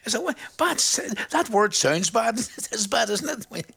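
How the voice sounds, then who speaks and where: A man's voice: high-pitched, big pitch swings, measured pace, vocal fry, pushed and bright, husky. An older man presenting a radio request show, chatty and playful, laughing at his own jokes.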